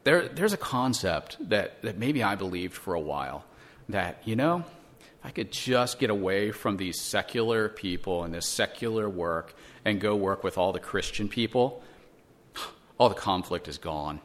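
A man's voice: fairly low pitch, animated, normal speed, a bit bright. A man teaching a church Bible lesson, earnest and explanatory, using rhetorical questions and frequent restarts.

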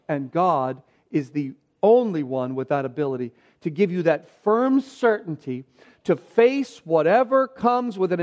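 A man preaching a sermon, reading scripture aloud and stressing key words with shifting pace and loudness. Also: sits high. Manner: emphatic preaching with pauses, varied pace and loudness. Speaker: pastor.

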